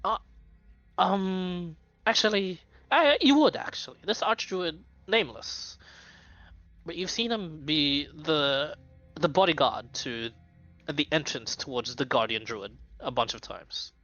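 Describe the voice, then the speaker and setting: Slow-talking bright-voiced man narrating a game. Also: on the high side, no room sound. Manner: rambling, filler-heavy narration. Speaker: game master. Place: home streaming setup. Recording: dull lo-fi stream audio with faint music.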